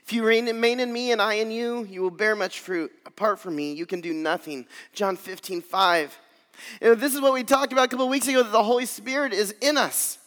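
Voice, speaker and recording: High-voiced male pastor preaching in a hall. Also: fairly quick. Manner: earnest preaching, swelling louder on key phrases. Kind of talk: sermon.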